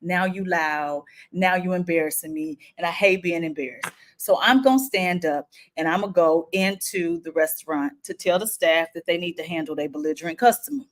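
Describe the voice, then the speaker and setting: A woman, telling a personal story to camera in a lively, animated way. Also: on the low side, fairly quick. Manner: animated, acts out quotes, frequent laughs.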